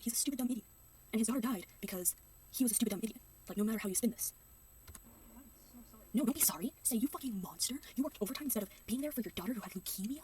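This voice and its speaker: A woman's voice: medium pitch, very fast, darkish tone, distant mic, a little hiss or hum. A young woman reacting to a video in casual commentary, ranting sarcastically and slipping into mocking voices. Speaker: reaction youtuber.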